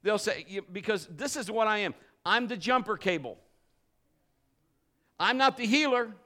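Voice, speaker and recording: A man preaching and telling a personal story, animated, swinging from shouts to hushed storytelling. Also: high voice, moderate pace. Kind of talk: sermon with personal testimony.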